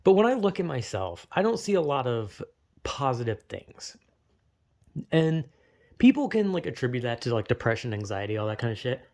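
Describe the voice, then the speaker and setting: A man's voice: medium pitch, big pitch swings, normal speed, a little mellow. A young man in a rambling, profane, self-deprecating casual monologue, full of fillers and restarts.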